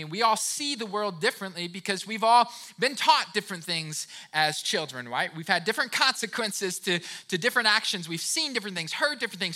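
Lively, bright-voiced man giving a motivational talk. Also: high-pitched. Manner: earnest, direct address to the listener with frequent "right?"; restarts and repeated words while storytelling. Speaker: speaker of a talk series. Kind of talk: motivational talk with personal stories.

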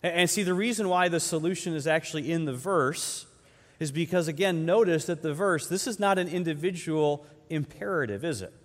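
A man preaching as pastor, his voice sitting a little high for a man. He speaks conversationally, firing off rhetorical questions and swinging between loud emphasis and slow, hushed lines. A long reverb trails each phrase through the large hall. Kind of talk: sermon.

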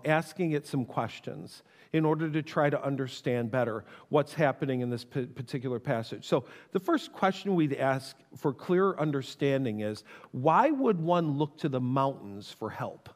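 A pastor preaching to his congregation in a conversational, teasing way, stretching out words for emphasis. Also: a little high. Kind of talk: sermon with audience questions. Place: church sanctuary. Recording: long reverb of a church hall.

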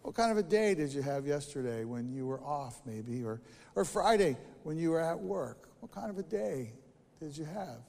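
A pastor preaching in a church, spinning chatty, animated stories from his week. His voice sits high for a man. The sound carries the long reverb of a church hall. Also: moderate pace, gravelly. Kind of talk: sermon with personal stories.

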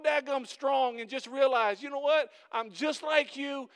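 High-voiced earnest preaching man. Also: measured pace. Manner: earnest, conversational preaching that builds to loud emphatic peaks. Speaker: pastor. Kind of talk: sermon.

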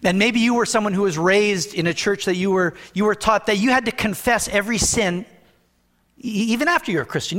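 High-voiced man preaching in a reverberant hall. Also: a bit bright. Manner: earnest, conversational preaching with slow emphatic scripture reading. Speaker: pastor. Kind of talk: sermon.

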